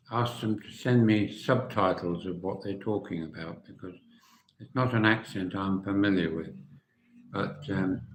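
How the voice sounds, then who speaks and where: A man's voice: fairly low pitch, a bit bright, echoey room, slight background noise, low-quality recording. An older man from England hosting a live stream, chatting casually and answering viewer comments with dry humour. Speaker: livestream host.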